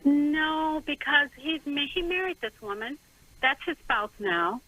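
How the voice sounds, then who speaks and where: Halting woman caller on a phone line. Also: sits high, expressive, sharp tone, no room sound. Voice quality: halting, many restarts. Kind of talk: call-in radio question.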